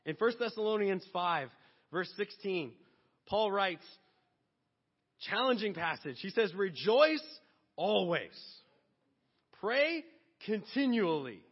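A man's voice: high voice, sing-song, takes it slowly, pauses often, husky. A man preaching a sermon in a loose, conversational way, acting out little asides and voices as he goes. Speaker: pastor. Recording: dull long-reverb hall sound.

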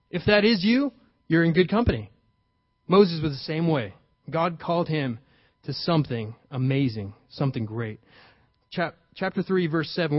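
A man preaching a sermon to a live congregation in a conversational way, often checking in with his listeners and building to loud, emphatic peaks. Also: fairly high pitch. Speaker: pastor. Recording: dull lo-fi recording.

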